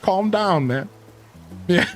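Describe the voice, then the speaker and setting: A man's voice: sits high, expressive, takes it slowly, faint music behind. A man hosting a live stream, giving an earnest, preachy rant to his viewers with casual slang. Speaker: Twitch streamer and host.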